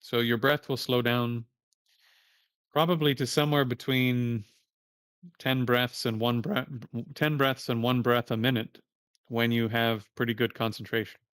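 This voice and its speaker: A man's voice: mid-range voice, fairly even intonation, a little slow, fairly bright tone, smooth, no echo, studio quality. Casual plain-spoken male meditation teacher. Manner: casual, plain-spoken, curses now and then. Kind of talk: livestreamed meditation class.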